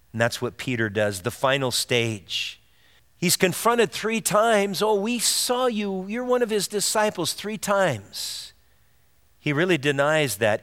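In a large hall with long reverb, a man delivers a sermon as pastor, speaking earnestly and directly and posing rhetorical questions to the congregation. His voice is mid-range and a bit bright.

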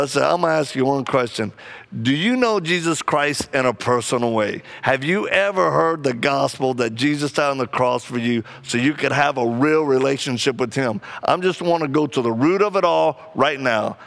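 Gravelly, animated male preacher. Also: fairly high pitch. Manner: animated, acts out quoted people, laughs often. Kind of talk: sermon with personal storytelling.

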